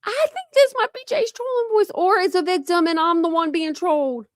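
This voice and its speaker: Hosting a true crime livestream, a woman chats casually with her live viewers and thinks aloud, restarting often. She has a very high voice and a brisk delivery, in a studio-quality recording with no echo.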